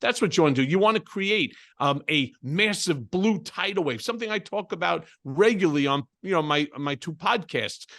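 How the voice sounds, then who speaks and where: A middle-aged man speaking as an interview guest, blunt and emphatic and quick to joke. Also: a little high, lively intonation, gravelly, a bit bright. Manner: blunt and emphatic, jokes freely. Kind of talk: interview conversation.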